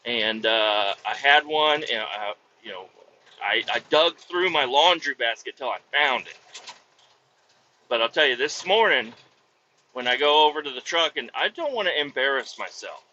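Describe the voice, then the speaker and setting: A man's voice: medium pitch, animated, moderate pace, bright, forceful tone, a little hiss or hum. A man hosting a podcast, rambling through a work story in casual talk with heavy swearing. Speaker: podcast host, vacuum truck operator. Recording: dull lo-fi sound with faint ambience.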